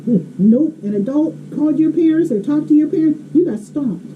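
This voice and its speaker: A woman's voice: high-pitched, lively intonation, fairly quick. A woman telling a story in a blunt, emphatic way, laughing often. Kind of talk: casual storytelling. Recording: slightly dull, faint hiss.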